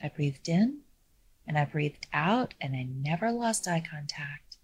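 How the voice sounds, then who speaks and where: A middle-aged woman hosting a podcast, telling a story in a calm, measured way that sinks to a near-whisper for emphasis, with light laughs. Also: low voice, husky. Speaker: podcast host. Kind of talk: reflective storytelling monologue.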